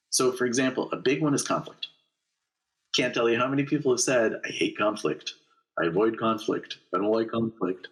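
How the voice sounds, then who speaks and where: Middle-aged male lecturer, mid-pitched, animated explainer who acts out example dialogue. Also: rough recording. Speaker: negotiation lecturer and author. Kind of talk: explanatory interview answers.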